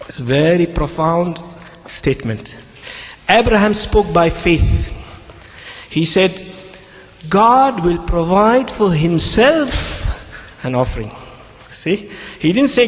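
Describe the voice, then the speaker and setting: A man argues his case in a public debate, retelling scripture with a slightly high voice. He hammers key phrases through repetition and keeps checking in with the audience. His voice rings with long reverb from a large hall. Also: a little hiss or hum. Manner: emphatic, repeats key phrases, frequent "okay?" check-ins. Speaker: Christian debater.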